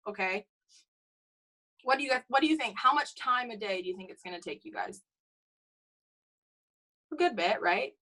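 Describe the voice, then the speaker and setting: A young woman giving an energetic motivational talk to her sales team, calling out "you guys" and "okay?" all the time. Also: on the high side, normal speed, pauses often, rough recording. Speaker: network marketing team leader.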